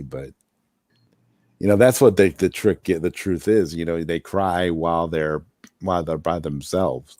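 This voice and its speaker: A man's voice: rumbling low, mellow, no echo, studio quality. A man co-hosting a casual chat, rambling and restarting, hedging with "I mean" and "you know". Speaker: podcast co-host.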